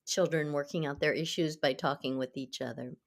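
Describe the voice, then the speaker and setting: A woman guest speaking as a Montessori educator, earnest and animated, explaining with lively asides. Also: low voice, brisk. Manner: earnest, animated, acts out children's voices. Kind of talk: conversational interview answers.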